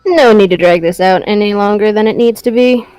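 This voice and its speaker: A woman's voice: medium pitch, brisk, warm tone, clean tone, no echo, soft background music, close to an everyday voice, rough recording. A woman voicing a brooding young male rocker ex-bandmate in game dialogue, bitter and wounded.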